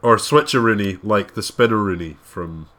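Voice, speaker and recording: Male podcast co-host, lowish voice, rambling and jokey. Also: moderate pace, fairly bright tone. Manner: rambling, jokey, restarts often. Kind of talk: casual podcast chat.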